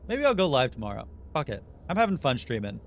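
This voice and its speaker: Speaking at a quick pace in a medium-pitched voice, a man live-streams a video game, casually muttering his thoughts as he plays. His throat is growing a bit sore, and a little hiss or hum is audible.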